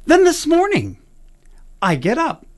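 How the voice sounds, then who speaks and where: A man's voice: extremely high pitch, measured pace. A middle-aged man, hosting a morning radio show and telling jokey stories in a casual chat. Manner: animated, jokey storyteller.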